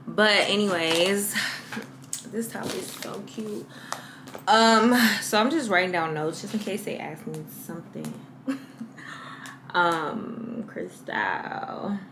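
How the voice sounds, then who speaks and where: A woman's voice: lowish voice, lively intonation, slow pace, pauses often, noisy background. A woman in her twenties vlogging casually to camera, chatty and slangy, talking straight to her viewers. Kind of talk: casual vlog chat to camera.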